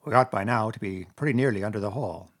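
A calm, sturdy badger leads his friends with placid authority in a storybook reading, as a man puts him on. His husky voice stays steady and firm. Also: fairly low pitch, fast, lightly acted. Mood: commanding. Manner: placid, commanding. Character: calm, gruff male badger leader.

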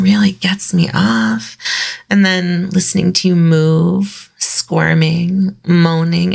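A woman in an intimate audio role-play, speaking in a teasing, dominant way, dropping into whispers and giggling softly between phrases. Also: lowish voice, gravelly.

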